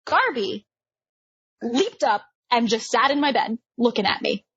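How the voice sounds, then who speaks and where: A young adult woman telling a story as a guest, animated and laughing often. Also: fairly high pitch, a little slow, breathy edge, no room sound, highs cut off. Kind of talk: casual storytelling.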